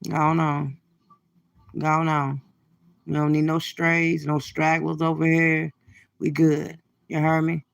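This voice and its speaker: A woman's voice: low voice, a bit bright. A woman hosting a casual reaction livestream, delivering profane, sassy trash talk straight to her viewers. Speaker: livestream host.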